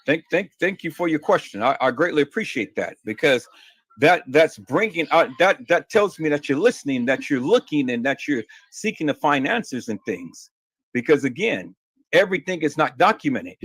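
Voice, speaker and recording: Man, livestream host; fairly high voice, dry close sound, insistent, repeats himself. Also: very animated, moderate pace, fairly bright tone, slightly rough, no room sound. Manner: emphatic and insistent, stammering repeats. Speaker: livestream host answering viewer questions. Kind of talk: heated livestream talk.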